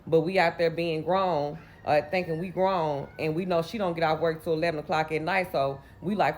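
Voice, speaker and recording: A woman's voice: sits low, steady tone, moderate pace, few pauses. A Southern US woman from Mississippi in her late twenties, telling a personal story in a candid, rambling way. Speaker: vlogger.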